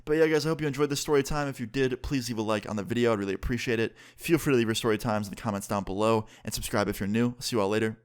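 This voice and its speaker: A man's voice: medium pitch, very fast, few pauses, clear, resonant tone. A young man casually telling a story to his viewers, full of "like" and quoted back-and-forth. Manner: casual, filler-heavy retelling with lots of "like". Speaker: YouTuber telling a story time.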